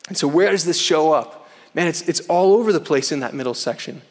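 A man preaching in a church, earnest and conversational, who keeps dropping "man" into his points. His voice sits a little high for a man, and a long reverb trails behind it in the hall. He slows right down when he reads scripture aloud. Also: lively intonation. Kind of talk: sermon.

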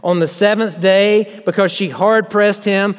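Southern male preacher, high voice, folksy jokes, chapel echo. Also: steady tone, a little slow. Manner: folksy, joking asides, direct address to the audience. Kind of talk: humorous chapel sermon. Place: chapel hall. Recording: long hall reverb.

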